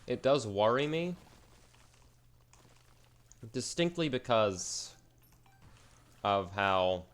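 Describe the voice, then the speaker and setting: A man with a somewhat low voice talks through his game run in a loose, rambling way. He mocks himself now and then and drops casual slang as he goes. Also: sing-song, extremely slow. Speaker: gaming channel host. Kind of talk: casual gameplay commentary.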